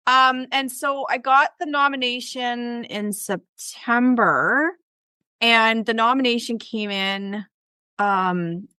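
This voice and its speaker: A woman from Canada, a guest telling a story in casual conversation, with many fillers and lively retellings. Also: a little high, smooth, no room sound. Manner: chatty, lots of fillers, animated retelling. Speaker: interview guest.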